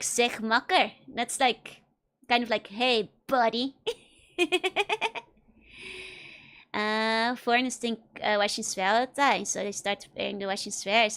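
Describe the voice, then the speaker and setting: A woman's voice: on the high side, fairly bright tone. Giggly young woman streamer. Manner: giggly, laughs often between remarks. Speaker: VTuber streamer. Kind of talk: casual let's-play chat with viewers.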